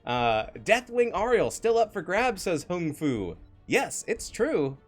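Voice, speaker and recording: Upbeat male caster for a live stream match, lively and playful delivery over faint music. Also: high voice, takes it slowly. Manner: animated, jokey, laughs often. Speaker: esports caster. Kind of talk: live game commentary.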